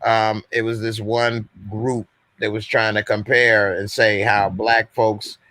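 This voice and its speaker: A man hosts a casual call-in live stream, holding forth at length in a loose, everyday way. His voice is bright and forward, and the sound is dry and close, with no room around it. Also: on the low side, little pitch movement, takes it slowly, no echo. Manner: loose, conversational, talks at length. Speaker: host.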